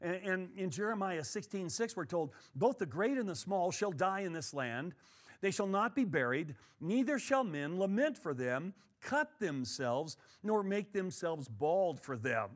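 A middle-aged man teaching a Bible study in a conversational, animated way, often repeating words and adding fillers. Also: sits high, unhurried.

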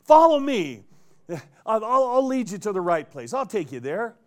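A man voicing a cheerful man who leads blinded soldiers, in a high, loud, cheery voice. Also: very animated, a little slow.

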